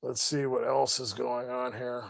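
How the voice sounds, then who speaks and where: A middle-aged man hosting a live stream, talking casually and rambling with many halting restarts. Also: mid-range voice, level tone, creaky, no room sound. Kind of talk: casual livestream monologue.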